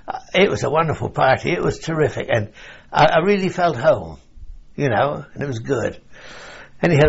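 A man's voice: medium pitch, vocal fry, husky. An older man from England, telling wartime memories in a rambling oral-history interview, chuckling and saying "you see" as he goes. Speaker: veteran interviewee. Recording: dull lo-fi recording.

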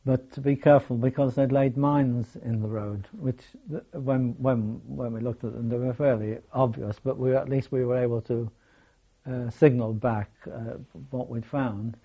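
An older man, recalling his wartime experiences in a hesitant, halting way full of restarts. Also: mid-range voice, fairly even intonation. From England. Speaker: war veteran telling his story. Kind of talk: oral history recollection. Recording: dull lo-fi recording.

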